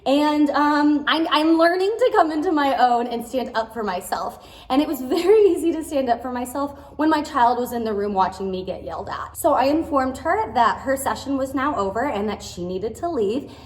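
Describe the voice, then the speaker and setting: A woman in her thirties, a playroom business owner, telling a storytime vlog at her desk in a chatty, expressive way. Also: high voice, moderate pace. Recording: echoey indoor room.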